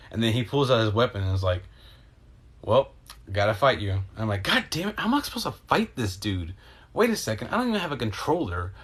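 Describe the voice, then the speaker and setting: A young man telling a rambling story in casual talk, cursing freely and acting out his own reactions. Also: on the low side. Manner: rambling, profane, jumps between thoughts. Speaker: podcast host.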